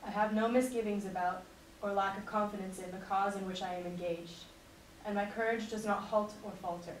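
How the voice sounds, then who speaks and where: A woman speaks in an earnest, measured way, presenting and then reading a letter aloud. Her voice sits at an ordinary middle pitch and comes from some distance away from the microphone. The room is echoey, with a faint hum underneath. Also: fairly even intonation.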